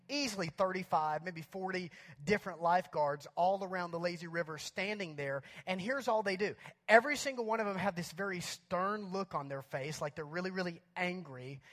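Male pastor, high-pitched, loose and animated comic storyteller in a sermon. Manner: animated, chatty, many fillers like "like" and "you know".

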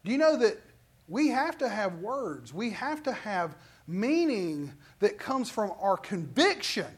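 This is a pastor giving a lively, conversational sermon from the pulpit of a church. They keep turning to the congregation with questions and call-outs, then push into emphatic stretches of preaching. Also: mid-range voice, measured pace, slightly rough.

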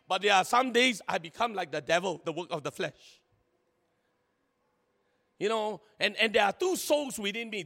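A man preaching a sermon in a lively, chatty way, laughing often and acting out little scenes. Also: sits high, vocal fry. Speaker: pastor. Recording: long hall reverb.

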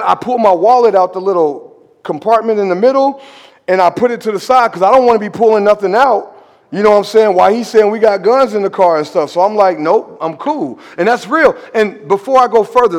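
A male pastor telling a story in a sermon, animated and conversational, sometimes dropping to a hushed emphasis. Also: sits high, long reverb tail. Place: church sanctuary.

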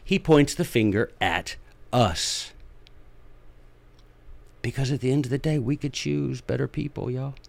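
A man's voice: mid-range voice, a little slow, gravelly, long pauses, a little mellow. A man giving impassioned, folksy political commentary as a podcast host, repeating his points for emphasis.

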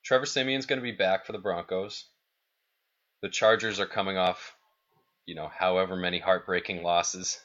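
A man's voice: sits low, fairly even intonation, normal speed, fairly bright tone, highs cut off. A man co-hosting a sports podcast, talking in a laid-back way and steering toward predictions. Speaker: podcast co-host. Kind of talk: casual sports chat.

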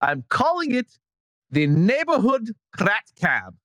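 A man's voice: sits high, huge pitch swings, slow, pushed and bright, dry recording, studio quality, pitched above the performer's own voice, heavily acted. A man voicing an enthusiastic male Estonian puppeteer fan in a mock Estonian accent, laughing as he reads a listener letter aloud. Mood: gushing. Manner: breaks into laughter while reading. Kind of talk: comic reading of a listener letter.

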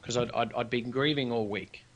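A man's voice: mid-range voice, moderate pace. Earnest New man telling a story. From New Zealand. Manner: earnest, animated storyteller who acts out quoted dialogue. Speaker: podcast guest, business founder. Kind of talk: personal storytelling in conversation.

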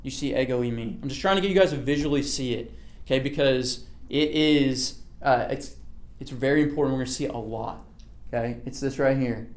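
A man's voice: medium pitch, a little fast. A man leading a casual Bible study, talking through a passage in a conversational way, often checking in with "okay" and asking the group questions.

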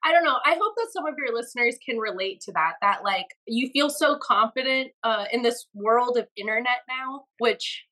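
A woman's voice: a little high, animated, moderate pace, hardly any pauses, bright, forceful tone, low-quality recording. A young woman chatting as a podcast guest, laughing often and getting flustered. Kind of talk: casual interview chat. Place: home studio.

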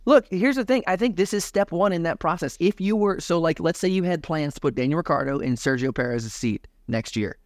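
A man hosting a motor-racing podcast in casual chat. He is animated, swears freely, and laughs often. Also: on the high side, fairly quick, few pauses, no echo, studio quality. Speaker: podcast host.

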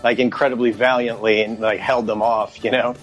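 A man with a middle-pitched voice shares his thoughts on a book in a relaxed chat. He often pauses and restarts as he works out what he means. Soft music sits in the background. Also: lo-fi sound. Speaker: podcast co-host. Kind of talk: casual book discussion.

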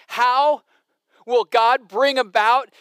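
A man's voice: extremely high pitch, fairly even intonation, slow, a bit bright, clean tone, no echo, clean studio sound. A man preaching a sermon in an emphatic, dramatic way, with frequent restarts. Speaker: pastor.

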